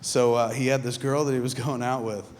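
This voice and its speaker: A man's voice: mid-range voice, fairly quick. Profane man telling stories live on stage. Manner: profane, animated, mimics friends in quoted asides. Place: large theatre stage. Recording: reverberant theatre hall, faint ambience.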